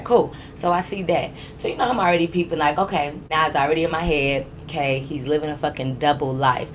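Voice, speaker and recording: A young woman, telling a story to viewers in an animated, emphatic, profane way and laughing often. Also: sits low, a little hiss or hum. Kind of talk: casual storytime vlog.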